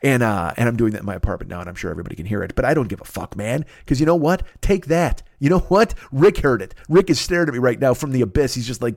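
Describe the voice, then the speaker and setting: A man from the Chicago area hosting a podcast alone in his apartment, ranting in a profane, rambling, animated way. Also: medium pitch, quick pace, no room sound, studio quality. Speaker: podcast host. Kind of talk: solo comedic rant.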